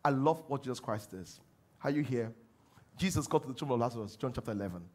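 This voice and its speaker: A man with a Nigerian accent preaching a sermon as pastor, animated, dropping low to mimic prayers and rising loud to exhort. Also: fast talker.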